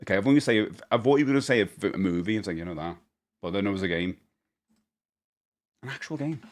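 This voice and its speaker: A man's voice: fairly low pitch, animated, fast talker. Chatty man streaming live. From England. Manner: chatty and rambling, reads chat questions aloud, laughs easily. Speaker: livestreamer.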